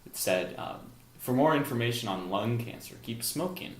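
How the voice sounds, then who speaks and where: A young man co-hosting a casual podcast, chatty and musing, quick to laugh. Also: medium pitch, echoey room. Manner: animated, laughs easily, musing. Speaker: podcast co-host. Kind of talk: casual chat.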